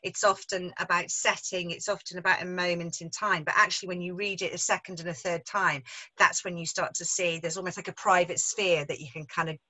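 Chatty bright-voiced English Midlands woman. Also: fairly low pitch, steady tone, a little fast, rough recording. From England. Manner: chatty, self-deprecating, restarts often, laughs easily. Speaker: author in conversation. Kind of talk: casual literary discussion.

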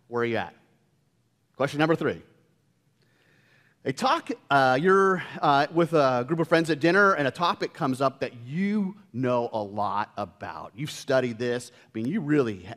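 A man preaching a sermon from the front of a church, his voice swinging up and down with animated energy. He teases and questions his listeners in a playful way. The sound carries a long, reverberant church-hall tail. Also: mid-range voice. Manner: lively, playful, engages the congregation with questions. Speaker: pastor. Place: church sanctuary.

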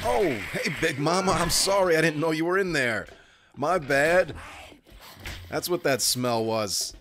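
A man's voice: medium pitch, noisy background. A man giving profane, wisecracking commentary while playing a game. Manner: profane, wisecracking, jokey asides. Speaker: gaming commentator. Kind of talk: joking gameplay commentary. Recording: game music behind voice. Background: game music.

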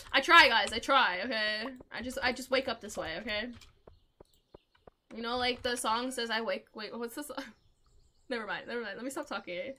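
A woman's voice: a little high, moderate pace, pauses often, pushed and bright, slight background noise. A young woman streaming a game, chatting to viewers in a giggly, rambling way and telling stories. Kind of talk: casual live-stream chat while gaming.

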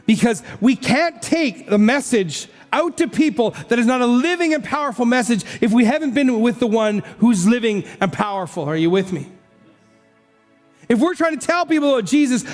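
A man preaching as pastor, emphatic and exhorting, speaking straight to his congregation and leading a closing prayer. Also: very high voice. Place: church service. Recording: reverberant church hall with faint worship music.

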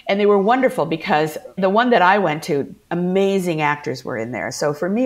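A middle-aged woman, a guest actor, telling animated anecdotes in a casual interview and laughing often. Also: deep voice.

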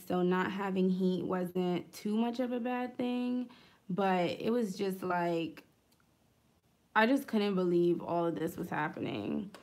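A woman vlogger chatting casually as she decorates a planner, rambling through a story with fillers and small asides. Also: mid-range voice. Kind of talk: casual storytelling while crafting.

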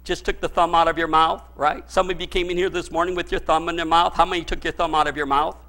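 A man preaching a sermon as pastor, speaking directly to his congregation and repeating his points with emphasis that builds to shouts. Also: on the high side, flat delivery, quick pace. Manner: folksy, addresses the congregation directly.

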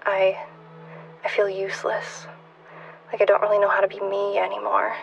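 A woman voicing a weary, anxious young woman who speaks softly and hesitantly. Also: medium pitch, monotone, normal speed, gravelly, highs cut off, faint music behind, lightly acted. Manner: soft, hesitant, mumbling.

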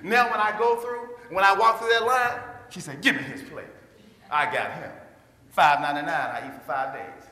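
A man giving a lively motivational speech to a live audience, drawing call-and-response from the crowd and acting out quoted voices. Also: on the high side, normal speed. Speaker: motivational speaker. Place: large hall before an audience. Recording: echoey hall with long reverb.

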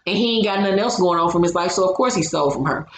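A woman's voice: on the low side, rapid-fire. A woman giving a casual, blunt and opinionated recap of a reality show, with salty language. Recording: roomy echo, faint background hum.

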